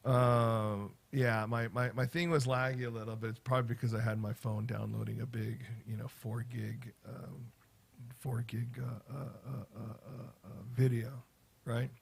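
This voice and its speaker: A middle-aged man, a teacher, chatting casually on a livestream in a rambling way, with lots of fillers and animated storytelling. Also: medium pitch, a little slow, vocal fry, breathy edge. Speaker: teacher and vlogger.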